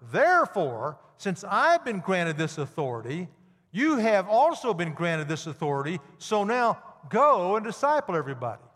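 A man's voice: on the high side, fairly bright tone. Man, pastor, sermon, emphatic delivery, long hall reverb. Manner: emphatic preaching, rising sharply on key points.

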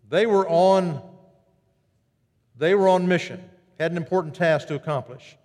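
A man preaching a sermon, animated and storytelling, who jumps his pitch up high to act out quoted greetings. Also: measured pace, pauses often, big-room sound. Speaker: pastor.

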